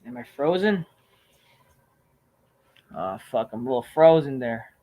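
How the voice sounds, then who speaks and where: A man hosting a live stream, answering viewer questions in a rambling, profane, animated rant with sudden loud outbursts. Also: medium pitch, a little slow.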